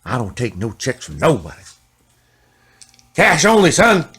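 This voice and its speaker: A man voicing a gruff, stubborn older male shop owner who scolds bluntly in a story he tells. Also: mid-range voice, huge pitch swings, unhurried, a bit bright, full character voice. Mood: scolding. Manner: blunt, scolding, calls listener boy.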